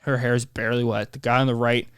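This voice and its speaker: Man, podcast host, rambling solo monologue, animated, average pitch, dry close sound. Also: fast talker, clean tone, no echo. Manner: rambling, animated, self-interrupting.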